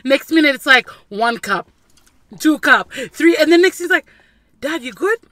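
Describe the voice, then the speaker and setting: A woman in her thirties from Fiji, hosting a casual chat and telling family stories with lively mimicry. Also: high voice, moderate pace, no echo. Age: 30s. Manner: animated storyteller who mimics her dad. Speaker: host.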